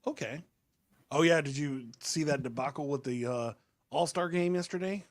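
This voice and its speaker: A man's voice: a little high, normal speed, a crowd in the background. A man hosting a casual podcast, rambling loosely through stories with lots of fillers and restarts. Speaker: podcast host and rapper.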